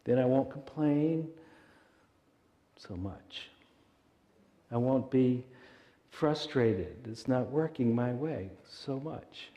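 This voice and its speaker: Soft-spoken male minister, mellow voice in a reverberant hall. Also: medium pitch, expressive, highs cut off. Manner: gentle, unhurried, soft-spoken with pauses. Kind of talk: sermon and guided meditation. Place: church sanctuary. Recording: long reverberant hall sound.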